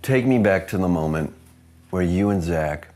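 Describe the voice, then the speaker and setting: A man's voice: low voice, animated, normal speed, dark tone. A man interviewing in a mock-serious documentary style, earnest and probing.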